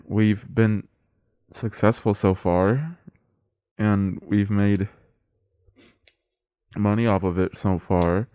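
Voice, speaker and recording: A man's voice: fairly low pitch, fairly even intonation, takes it slowly, long pauses, dark tone, clean tone, no room sound. A young man co-hosting a podcast, earnestly thanking listeners and choking up as he talks. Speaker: podcast co-host. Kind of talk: casual heartfelt chat.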